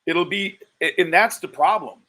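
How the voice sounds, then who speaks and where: A man doing live-stream commentary, exasperated and swearing, with slow, disbelieving exclamations. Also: high voice, pushed and bright.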